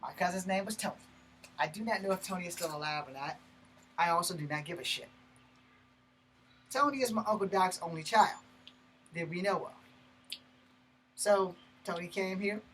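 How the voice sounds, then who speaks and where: A man telling a personal story in a blunt, profane, animated way, breaking off and restarting mid-sentence. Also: high-pitched, normal speed, long pauses, slight background noise, poor audio. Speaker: martial arts channel host. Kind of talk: personal story told to camera.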